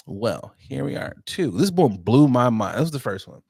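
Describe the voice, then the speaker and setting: Lively, joking man co-hosting a chat show. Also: a little fast, gravelly, few pauses, husky, dry recording, clean studio sound. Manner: playful, loose and joking with lively swings in pitch. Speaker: podcast co-host. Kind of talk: casual chat.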